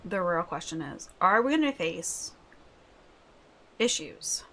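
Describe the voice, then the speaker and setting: A young woman streaming a video game live, chatting with viewers and yelling excitedly at the game. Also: fairly low pitch, slow pace.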